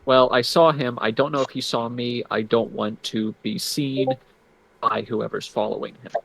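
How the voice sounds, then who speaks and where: A man playing a tabletop game, speaking deliberately as he plans his character's moves. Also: mid-range voice, steady tone, vocal fry, a bit bright. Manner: deliberate, methodical planning of moves. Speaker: player.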